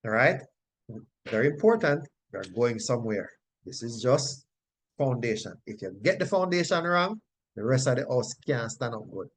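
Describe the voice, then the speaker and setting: Teaching a Bible study, this man repeats points forcefully, laughs softly through his explanations, and keeps asking "right?" He speaks at normal speed in an animated, mid-range voice.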